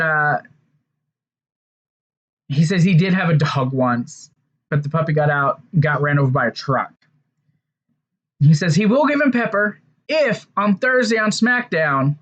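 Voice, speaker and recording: A fairly high-voiced man talking through an old wrestling episode in a loose, rambling way, often restarting his sentences and dropping in fillers. The recording sounds dull and lo-fi, like a home setup. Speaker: wrestling show reviewer. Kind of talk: casual recap and commentary.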